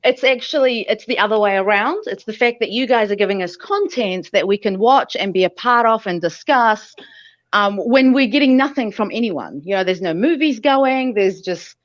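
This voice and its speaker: A woman's voice: mid-range voice, animated, normal speed, no echo, lo-fi sound. A woman with a New Zealand accent, a guest chatting effusively on a video call. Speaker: guest, show fan. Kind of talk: casual video-call chat.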